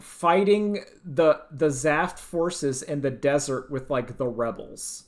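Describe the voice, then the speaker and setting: A man co-hosting a podcast, ranting in casual chat and laughing as he mocks a show. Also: a little high. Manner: ranting, animated, laughs while mocking a show. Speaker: podcast co-host.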